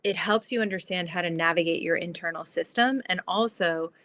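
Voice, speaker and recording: A woman guest on an interview podcast, explaining her ideas in a lively, chatty way with lots of "like". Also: lowish voice, a little fast. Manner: animated, explanatory, fillers like "like". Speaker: guest, transformation guide.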